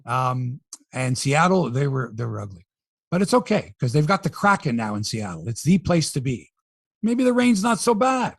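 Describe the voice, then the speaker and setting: A man hosting a sports podcast, running through scores in a chatty, animated way with frequent asides. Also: mid-range voice, moderate pace, vocal fry, dry recording, clean studio sound. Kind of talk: casual sports talk and news rundown.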